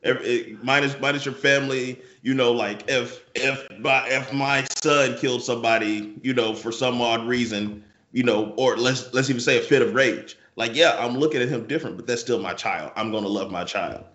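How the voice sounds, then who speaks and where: A man's voice: mid-range voice, normal speed, a bit bright, roomy sound, highs cut off. A man co-hosting a casual podcast chat, rambling through hypotheticals and repeating his words. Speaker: podcast co-host.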